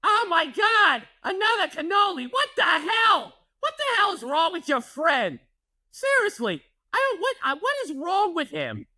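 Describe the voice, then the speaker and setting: A woman's voice: very high voice, wildly swooping pitch, unhurried, pushed and bright, voice pushed up, full character voice. A man imitating his older mother-in-law as she shrieks in exasperation at what she has found around her house. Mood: outraged. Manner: screaming, exasperated.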